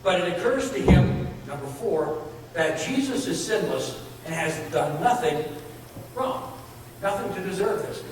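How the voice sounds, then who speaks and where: A man's voice: high-pitched, animated, a little slow, slight background noise. A man preaching a sermon in a church, earnest, building emphasis with repeated phrases. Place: church sanctuary. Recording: echoey hall from far off.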